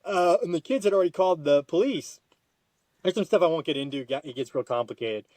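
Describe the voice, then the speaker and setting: A man on a podcast tells a rambling personal story, restarting sentences and leaping up in pitch when he gets excited. His voice sits a bit high for a man. The sound is dry and close, with no room echo. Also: fast talker. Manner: animated, jumps to high excited quoted lines; frequent restarts and repetitions. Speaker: podcast guest. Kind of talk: casual storytelling.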